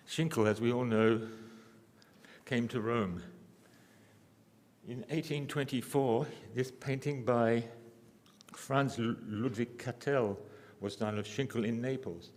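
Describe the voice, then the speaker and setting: A man lecturing at a symposium, speaking at a middling pitch in a halting way, restarting phrases and slipping in dry asides. His voice carries the long reverb of a lecture hall. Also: darkish tone. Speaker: lecturer, architect.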